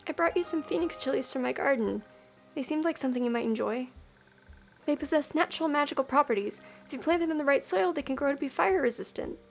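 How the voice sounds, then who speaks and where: Brief: nervous, eager young game adventurer read by a woman, high voice, faint music underneath. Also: fast talker, vocal fry. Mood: earnest. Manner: eager, grateful, excitable. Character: timid young adventurer setting off on first quest, nervous but hopeful.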